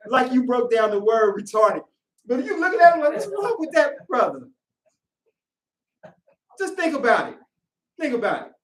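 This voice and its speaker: Animated preacher man in an echoey hall. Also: very high-pitched. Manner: animated, acts out congregants in quoted voices, shouting at times. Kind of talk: sermon. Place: worship hall. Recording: echoey room, voice from a distance.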